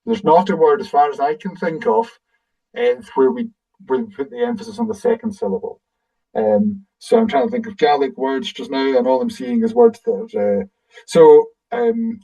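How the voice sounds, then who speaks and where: A Scottish man with a fairly high, gravelly voice and a mellow tone, talking in a lively, up-and-down way as he answers questions. He thinks aloud as he explains, in a casual webinar style. The audio is dull and the mic sits some way from him, as on a video call. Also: moderate pace, distant mic. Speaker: guide presenting a webinar.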